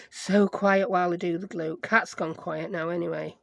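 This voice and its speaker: Gravelly-voiced chatty Sheffield woman. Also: lowish voice, steady tone, normal speed, no room sound. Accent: Sheffield English. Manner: rambling, self-mocking chatter with playful made-up words. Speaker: craft vlogger. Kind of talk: chatty craft-along narration.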